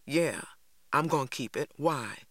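A man's voice: mid-range voice, animated, unhurried, a bit bright, no echo, studio quality. A man voicing an earnest, questioning boy. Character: earnest thoughtful Southern boy.

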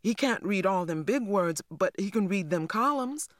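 A woman's voice: medium pitch, expressive, moderate pace, dry recording, clean studio sound, pitched above the performer's own voice, lightly acted. A woman voicing an upset young schoolgirl who pleads urgently with her teacher, as in an audiobook. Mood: urgent pleading. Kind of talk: audiobook character voice.

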